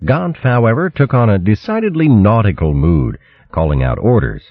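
A man reads a storybook in a deep, husky voice with a very lively, animated pitch. The reading is measured, and the recording sounds dry and slightly muffled. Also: no echo. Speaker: audiobook narrator. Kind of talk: scripted storybook narration.

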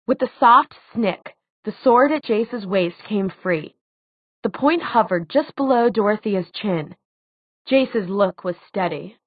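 A woman narrating a fantasy audiobook in a measured, dramatic way. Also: medium pitch, expressive, slightly rough, no room sound. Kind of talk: scripted narration. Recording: tinny phone-like dry sound.

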